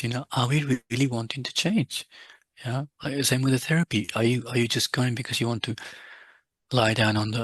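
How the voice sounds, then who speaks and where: Middle-aged guy teaching buddhism, husky, dry close sound, chatty and restarts a lot. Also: medium pitch, a bit bright, no room sound. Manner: conversational, many restarts, quotes his teacher with raised voice. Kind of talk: dharma talk to students.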